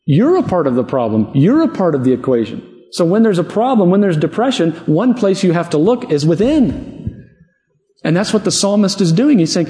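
Pastor guy preaching, earnest chatty sermon, slightly high voice. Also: expressive, moderate pace, dark tone. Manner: earnest, conversational preaching with rhetorical questions. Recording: echoey hall with long reverb.

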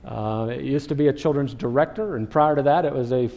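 A man who is a pastor preaching a sermon, animated, sometimes acting out what people in the story say. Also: mid-range voice, fast, creaky, muffled recording. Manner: animated preaching, acts out quoted speech.

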